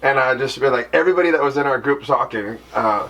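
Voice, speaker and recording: A man from the Bay Area telling a story in a relaxed, rambling way, often saying "you know". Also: mid-range voice, fast, far from the mic. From Bay Area, California. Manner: laid-back, rambling, drops in "you know". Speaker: band member, podcast co-host. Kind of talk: casual storytelling chat. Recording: voice from off the mic with faint background noise.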